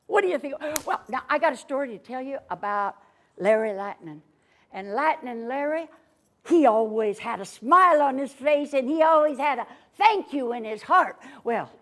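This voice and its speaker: A woman storyteller in a folksy cowgirl persona, telling a story to children in a library story room and having them repeat lines after her. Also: high-pitched.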